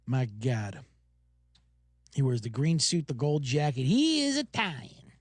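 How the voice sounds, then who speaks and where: A man hosting a podcast, telling stories in an animated, profane casual rant. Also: mid-range voice, measured pace, no room sound, clean studio sound. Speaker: podcast host.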